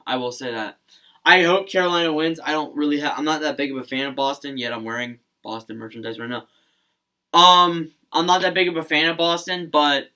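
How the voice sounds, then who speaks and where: A man's voice: on the high side, pushed and bright. A young man hosting a casual hockey vlog, rambling and correcting himself as he gives his opinions. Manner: rambling, frequent restarts and self-corrections. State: hiccuping. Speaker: hockey channel host. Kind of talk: casual sports vlog commentary.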